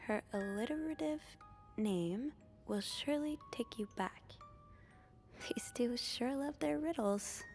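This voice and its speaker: A woman voicing a curious young hotel maid in a mystery game, speaking in soft, whispered role-play. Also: fairly high pitch, expressive, takes it slowly, faint music behind. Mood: wry whisper. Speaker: game's protagonist, a hotel maid.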